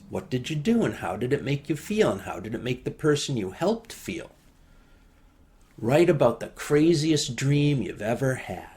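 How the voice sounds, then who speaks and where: A minister calmly reading writing prompts during a service in a measured way. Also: male voice, mid-range voice.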